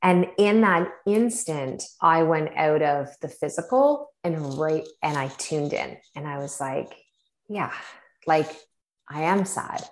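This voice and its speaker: A woman with a low voice tells a personal story in a relaxed, chatty way. She leans on fillers and acts out her own reactions as she goes. The sound carries some room echo. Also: slow. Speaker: podcast guest. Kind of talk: casual storytelling chat.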